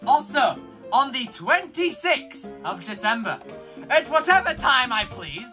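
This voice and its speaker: A young man reacting to a trailer on his channel, excitable, shouting and rattling on like a hyped-up fan. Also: very high-pitched, soft background music. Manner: excitable, shouts and laughs, rapid fan chatter.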